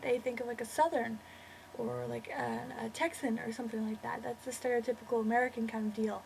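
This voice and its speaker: A woman's voice: on the high side, gravelly, a little hiss or hum, rough recording. A Canadian woman ranting casually to her camera, rambling and interrupting herself as she goes. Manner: rambling, chatty, self-interrupting. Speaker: vlogger.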